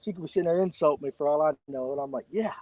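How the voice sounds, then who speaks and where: A fifty-year-old man with a drawl, cracking bawdy jokes with a fishing buddy. His voice sits a little high and sounds mellow. The sound is dry and close. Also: racing, no echo. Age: 50s. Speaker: fishing show host. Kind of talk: casual banter.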